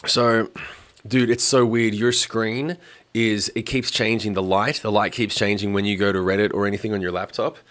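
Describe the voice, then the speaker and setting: Man, podcast host, low voice, dry close sound, rambling casual chat, swears a lot. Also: normal speed, no echo. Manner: rambling, profane, animated storytelling.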